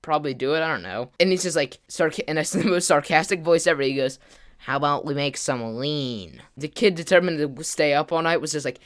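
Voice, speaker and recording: A man's voice: on the high side, a bit bright. A man telling a casual storytime to his camera as a gaming vlogger, rambling with lots of "like" and "kinda" fillers. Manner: acts out friends' lines in quick quotes.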